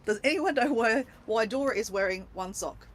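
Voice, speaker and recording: A woman's voice: a little high, animated, moderate pace. An Australian woman chatting casually on a livestream from her camper van, playful and talkative as she greets viewers. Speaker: vlogger greeting live viewers.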